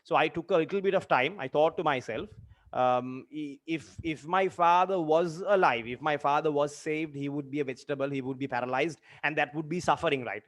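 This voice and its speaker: A young man in his twenties, a teacher telling a personal story in a lesson, earnest and halting with many fillers and repeated phrases. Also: on the high side. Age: 20s. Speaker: literature teacher.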